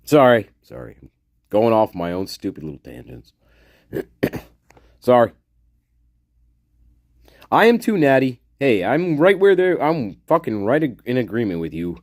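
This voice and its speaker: Hosting a casual livestream, a man rants angrily and profanely, then mutters to himself while reading the chat. His medium-pitched voice is sing-song and a little mellow, a little slow, with frequent pauses. The sound is clean, studio-quality, with no echo.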